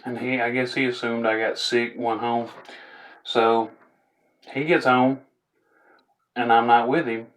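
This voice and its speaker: Guy just chatting, telling funny stories, loose and rambly, mid-pitched voice. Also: flat delivery, measured pace, pauses often, a bit bright. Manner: rambling, laid-back, chuckling asides. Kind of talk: casual storytelling.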